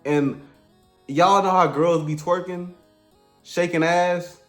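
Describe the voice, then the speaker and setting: A man's voice: sits high, fairly even intonation, slow pace. A man telling a crude comedic story in a laid-back, slangy, rambling way. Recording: echoey room with faint music.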